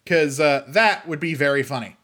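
A young man from the US hosting a casual solo show, rambling and animated, with many fillers and restarts. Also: fairly high pitch, normal speed. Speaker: podcast host.

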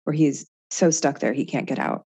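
Low-voiced woman musing casually on a podcast, lots of likes, warm dark tone. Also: normal speed, breathy edge, no echo. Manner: reflective, thinks aloud with frequent fillers. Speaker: podcast co-host. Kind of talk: casual conversation.

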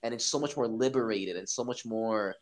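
Podcast guest, male, lowish pitch, animated and profane. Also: a little fast, slight background noise, poor audio. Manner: excited, swearing, acts out his own reactions. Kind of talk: casual podcast chat.

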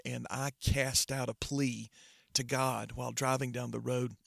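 Middle-aged male pastor guest, gravelly, dry close sound, earnest and halting. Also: medium pitch, little pitch movement, fairly bright tone, dry recording. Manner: earnest, halting with many restarts. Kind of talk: personal testimony in conversation.

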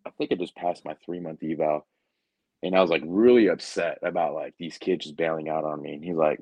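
A man's voice: rumbling low, brisk, dry recording. A young man speaking as a guest in a casual podcast chat, easygoing and hesitant, on a dull, muffled recording.

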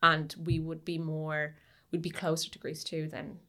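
Chatty woman with a lowish voice. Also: completely flat delivery, normal speed, sharp tone. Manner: chatty, many fillers and restarts. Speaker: podcast co-host. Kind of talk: casual chat about a film.

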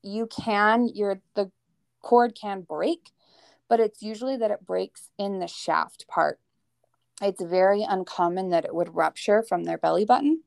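Gravelly-voiced woman telling a personal story. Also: mid-range voice, a little slow, darkish tone, no room sound. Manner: candid, emotional, swears casually. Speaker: podcast guest. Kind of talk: casual storytelling chat.

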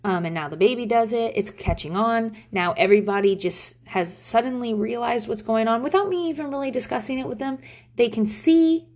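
A woman's voice: fairly high pitch, fairly quick, a little mellow. A mother talking casually to her viewers about parenting, frank and profane, reflective and self-deprecating, with frequent "um"s. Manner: frank and profane, with many fillers. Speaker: mother sharing parenting advice. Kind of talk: casual talk to camera.

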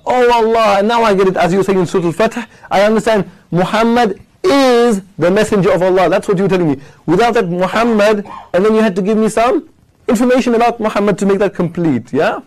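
Man, fairly high voice, patient lecture, checks in with "yes?". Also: a little mellow, poor audio. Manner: recites Arabic verses slowly. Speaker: Quran teacher. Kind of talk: explanatory class lecture.

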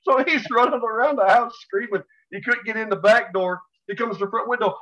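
Animated bright-voiced man telling stories. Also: high voice, fairly quick, few pauses, a little hiss or hum. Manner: animated storyteller, acts out family members with yells. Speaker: podcast co-host. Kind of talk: casual storytelling chat. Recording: dull lo-fi recording.

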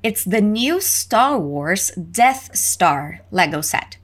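Slow, lively woman teaching English phrases. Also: medium pitch. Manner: lively, exaggerated intonation for learners to repeat. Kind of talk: slow, clear repetition drills.

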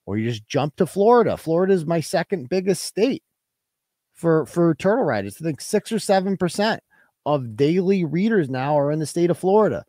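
A man's voice: on the high side, a little mellow, no room sound, clean studio sound. A man hosting a live web show, ranting in a brash, profane and combative way and reading out viewer donations. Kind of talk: casual livestream rant.

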